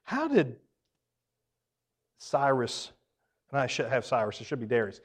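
A man's voice: medium pitch, wildly swooping pitch, a little slow, husky. A man leading a Bible class, talking conversationally, asking the group questions, with hesitant fillers, self-corrections and emphatic rises on key points. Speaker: Bible study teacher.

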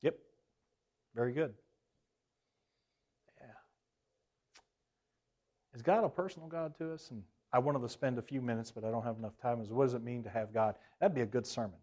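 Leading Bible study, this male teacher talks casually and asks the group questions, using hesitant fillers and self-corrections, his voice rising for emphasis on key ideas. The pitch is medium and a little mellow, and the recording sounds muffled.

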